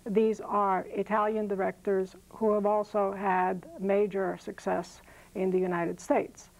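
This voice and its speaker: A woman professor speaks in a mid-pitched voice with a gravelly edge of fry. She answers thoughtfully, pausing on fillers and correcting herself as she goes. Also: flat delivery, a little mellow, poor audio. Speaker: professor being interviewed. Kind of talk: casual interview answers.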